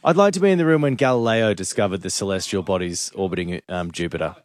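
Teasing male radio host. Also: deep voice. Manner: teasing, quick, jokey. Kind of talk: casual radio chat.

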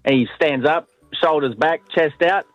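A man's voice: a little high, normal speed, no echo, highs cut off. Man calling in with a joke. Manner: chatty, acts out voices in his joke. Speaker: caller. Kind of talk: casual joke telling on the phone.

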